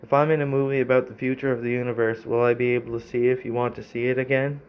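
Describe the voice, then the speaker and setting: A man's voice: medium pitch, level tone, quick pace, slight background noise, lightly acted. A man reading out the lines of a mysterious adult male stranger from a text adventure, in a plain read-aloud delivery. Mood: matter-of-fact. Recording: slightly dull lo-fi recording.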